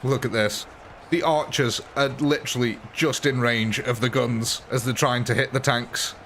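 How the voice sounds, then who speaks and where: A man's voice: medium pitch, steady tone, normal speed, a bit bright, slight background noise. A man giving chatty, amused live commentary on a strategy game while thanking viewers and answering chat. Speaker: game streamer.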